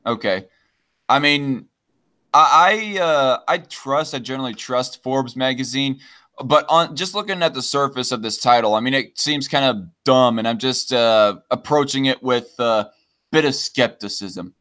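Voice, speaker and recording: This man's medium-pitched voice is bright and forceful, though his pace is measured. Hosting a relaxed podcast, he reads chat comments and reacts as they appear, but he talks hesitantly, full of fillers, trailing off and restarting often.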